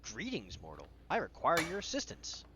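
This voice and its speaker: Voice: mid-range voice, wildly swooping pitch, normal speed, lo-fi sound, noisy background. A narrator voicing a small, frantic male gnome who talks in a fretful, old-fashioned formal way.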